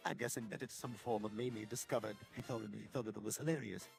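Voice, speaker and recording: A man's voice: on the low side, fast, creaky, over loud music. A synthetic man's voice playing a matter-of-fact, know-it-all cartoon character.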